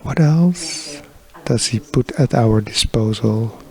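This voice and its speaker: A man gives a sermon in translation, recounting stories at a slow, deliberate pace. His voice has a gravelly, creaky edge and sits at a middle pitch. He pauses often between phrases. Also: a little mellow. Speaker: interpreter giving a sermon.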